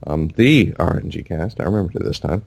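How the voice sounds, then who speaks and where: Low gravelly-voiced man chatting casually. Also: lively intonation, brisk, a little mellow. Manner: rambling, many fillers and restarts. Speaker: podcast co-host. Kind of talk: casual gaming podcast chat.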